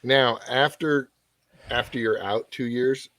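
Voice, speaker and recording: A man's voice: medium pitch, steady tone, slow pace, a bit bright, no echo, low-quality recording. A man joking around in casual podcast chat. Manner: joking banter.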